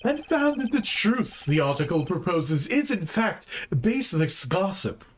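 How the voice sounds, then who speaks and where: A woman's voice: on the low side, big pitch swings, measured pace, a little hiss or hum, pitched above the performer's own voice. A woman voicing a flamboyant, haughty male prosecutor with a grand, theatrical delivery.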